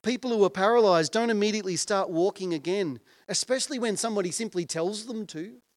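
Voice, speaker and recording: Earnest pastor, dry close sound. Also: male voice, high voice, fast talker, no room sound. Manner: earnest, conversational, asks questions of the congregation. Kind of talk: sermon.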